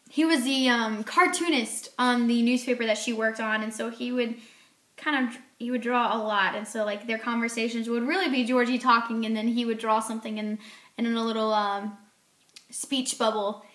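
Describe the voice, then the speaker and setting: A woman talks through a book in a casual vlog, retelling the story and acting out the characters' lines. Her voice is bright and a little high. It echoes around the room. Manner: chatty retelling, acting out quotes. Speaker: book reviewer.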